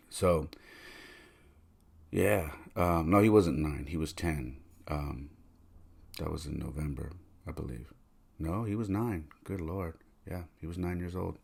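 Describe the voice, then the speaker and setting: Low gravelly man reflecting quietly. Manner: soft-spoken, rambling with restarts. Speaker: podcast host. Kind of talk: reflective personal monologue.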